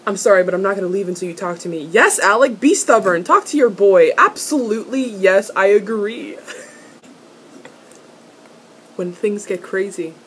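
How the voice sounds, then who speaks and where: A young woman doing a casual, excitable fan recap of a TV episode, laughing, swearing and repeating herself as she rambles. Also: medium pitch, normal speed, slight background noise. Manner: excitable, swearing, giggly, trailing off and repeating words. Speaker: vlogger reviewing a TV episode.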